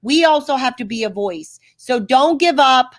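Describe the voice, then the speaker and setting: A woman's voice: sits high, lively intonation, normal speed. A woman hosting a political webcast, urging her listeners to act. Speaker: host.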